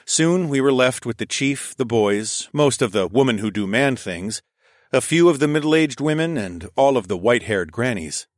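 A man reading a first-person story aloud, expressive and sometimes dropping to a whisper. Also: medium pitch, normal speed, dry recording, studio quality. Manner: expressive, shifts into whispers for dialogue. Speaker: audiobook narrator.

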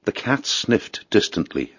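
A man reading a storybook aloud in a steady, expressive voice. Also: fairly low pitch, unhurried, husky, no echo, muffled recording. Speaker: narrator. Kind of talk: storybook narration.

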